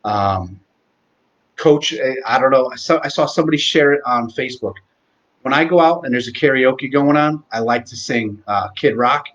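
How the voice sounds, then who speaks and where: A man's voice: mid-range voice, moderate pace, fairly bright tone, muffled recording. A man in his forties hosting a live stream, rambling through a heartfelt tribute and swearing freely. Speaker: host. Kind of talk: casual live-stream talk.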